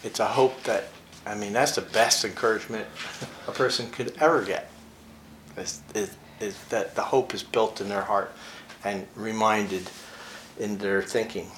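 A man teaching the Bible in a relaxed, conversational way, often chuckling and reading verses slowly with emphasis. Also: lowish voice. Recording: echoey room with faint ambient noise.

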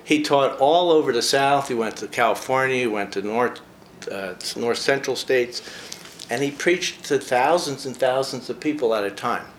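A man's voice: medium pitch, moderate pace, slight background noise. A man in a casual talk, reading a short biography aloud and breaking off for chatty personal asides. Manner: chatty, with frequent personal asides between read passages.

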